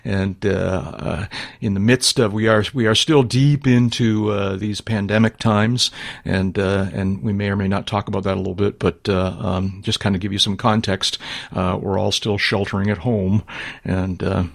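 Halting gravelly man hosting a podcast. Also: fairly low pitch, steady tone, dry recording, clean studio sound. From New England. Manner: halting, many fillers and restarts. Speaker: podcast host. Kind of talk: casual podcast chat.

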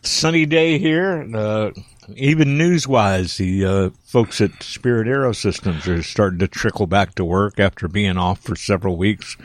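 A man with a lowish voice chats easily on a podcast, telling little stories from home. The dry close mic gives no room sound. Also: normal speed, dry recording. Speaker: podcast co-host. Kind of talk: casual podcast chat.

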